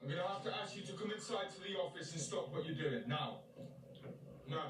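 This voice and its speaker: A man's voice: high-pitched, expressive, a little fast, background noise. A man voicing a formal, firm school staff member. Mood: stern. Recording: roomy, distant, loud music behind.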